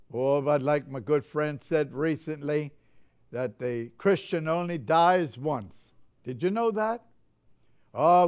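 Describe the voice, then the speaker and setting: A man's voice: fairly high pitch, smooth. An older man preaching a sermon in a chapel, fervent and getting carried away with joy.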